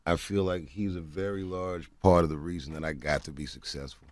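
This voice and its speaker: A comedian talking casually about his craft as a talk show guest, easygoing and at times loud and laughing. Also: low-pitched, fairly even intonation, a little fast. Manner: laid-back, swings from soft reflective to loud and laughing.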